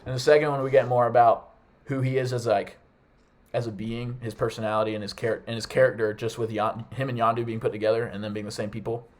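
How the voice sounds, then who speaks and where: Fast-talking young male podcast host. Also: medium pitch, level tone, a little mellow. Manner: enthusiastic, calls on each guest by name. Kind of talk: casual chat.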